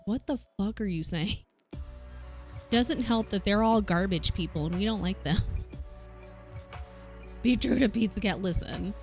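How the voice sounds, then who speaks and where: A woman from the American South with a softened Southern accent, chatting casually on a stream and swearing freely. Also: mid-range voice. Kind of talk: casual chat while coworking. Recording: faint music behind.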